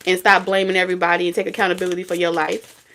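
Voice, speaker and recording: A woman's voice: fairly low pitch, flat delivery, very fast, fairly bright tone, a little hiss or hum. A woman giving a tarot reading, talking in a blunt, profane, scolding way with lots of repetition. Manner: blunt, profane, scolding street talk with sudden laughs and singing. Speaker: tarot reader.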